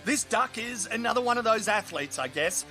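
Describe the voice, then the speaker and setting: Australian guy, mock fight commentator, very high and bright voice, crude and excitable. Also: moderate pace, faint music behind. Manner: excitable, crude, shouts at big moments.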